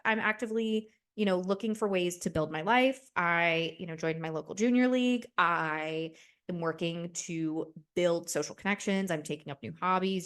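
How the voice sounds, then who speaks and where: A woman in her twenties hosting a solo podcast, talking casually and animatedly, rambling with lots of "like" and "right?" and swearing freely. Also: mid-range voice. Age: 20s. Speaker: podcast host.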